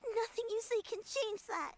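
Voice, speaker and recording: A woman's voice: very high voice, moderate pace. An actress voicing a devoted young girl in a game, earnest and pleading. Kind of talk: game dialogue.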